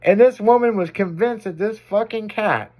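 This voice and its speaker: A man's voice: high voice, normal speed, lo-fi sound. A man hosting a radio show, telling stories in casual banter with crude language and frequent laughter.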